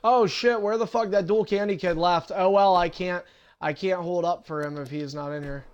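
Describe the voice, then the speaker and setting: Profane, impatient high-voiced young man. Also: steady tone, normal speed, clean tone, muffled recording. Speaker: online wrestling league host. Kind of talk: casual livestream talk while setting up matches.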